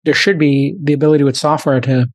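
A man hosting a podcast, riffing quickly in casual chat at a studio mic. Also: on the high side, little pitch movement, no echo. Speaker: podcast host.

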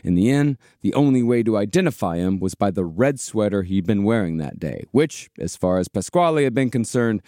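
A man hosting a podcast, narrating a historical disaster in a measured, storytelling way with casual swearing. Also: lowish voice, animated, mellow, dry recording, studio quality. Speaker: podcast host.

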